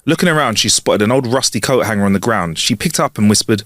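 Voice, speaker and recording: Young man, joke-telling podcast co-host; lively intonation, dry close sound. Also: lowish voice, no echo. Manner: banterous, quick to laugh. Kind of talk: casual chat and joke telling.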